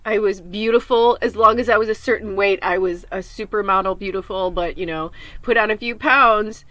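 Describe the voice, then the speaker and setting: A woman's voice: mid-range voice, normal speed, fairly bright tone, no room sound. A middle-aged woman hosting a podcast, talking in a raw, rambling, emotional monologue, tearful and often swearing. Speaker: podcast host.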